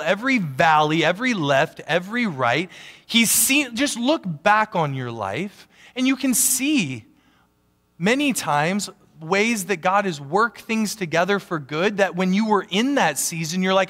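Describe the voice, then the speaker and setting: A man preaching a sermon as a pastor, animated, swinging from loud emphatic peaks down to quiet asides. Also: sits high, a little slow. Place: church sanctuary. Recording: long church hall reverb.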